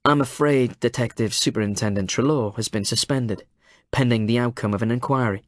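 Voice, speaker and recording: A man playing a cool, calculating male detective chief inspector who speaks in a deadpan, blunt way. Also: mid-range voice, brisk, dry recording, studio quality, lightly acted. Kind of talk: audiobook character voice.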